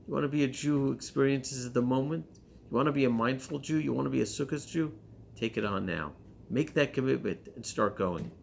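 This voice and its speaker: A man's voice: mid-range voice, fairly quick, vocal fry, slight background noise. A male rabbi giving a holiday sermon, exhorting with rhetorical questions.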